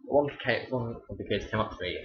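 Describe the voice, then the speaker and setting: A man's voice: medium pitch, a little fast. A young man, a teacher, telling stories in a chatty, wry vlog. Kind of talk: casual storytelling vlog. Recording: dull roomy home recording.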